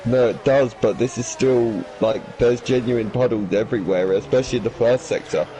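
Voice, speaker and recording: A man commentating a sim racing league race in a chatty, animated way, arguing his point. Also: medium pitch, normal speed, a little hiss or hum, low-quality recording.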